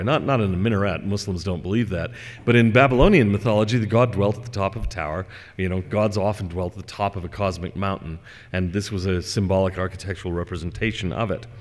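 Low-voiced man lecturing in a hall. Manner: relaxed, conversational, slows to read verses aloud. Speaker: lecturer on scripture. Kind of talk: lecture with scripture reading. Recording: long hall reverb.

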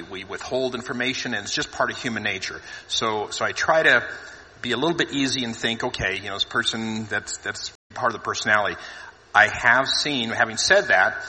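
A man talking thoughtfully in a relaxed discussion, often repeating words as he gathers his thoughts. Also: on the low side. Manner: hesitant, repeats words while thinking. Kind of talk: casual discussion. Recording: reverberant room.

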